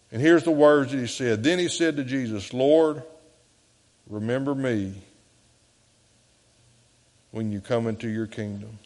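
A pastor with a Southern US accent preaches an earnest sermon. His voice rises into loud appeals, then drops to hushed, slow quotes. His voice sits at a middle pitch, and a long reverb hangs around it from the church sanctuary.

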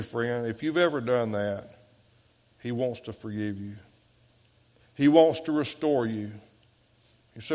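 Man, pastor, sermon, loud emphatic swells, quiet low passages, church echo. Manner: dynamic preaching, swinging between loud emphatic bursts and soft low passages. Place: church sanctuary. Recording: echoey church sanctuary.

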